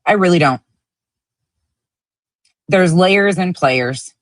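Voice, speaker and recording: Female streamer, low voice, angry and foul-mouthed, dry sound. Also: takes it slowly, dry recording. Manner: angry, profane ranting. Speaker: online drama commentator. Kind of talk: heated livestream commentary.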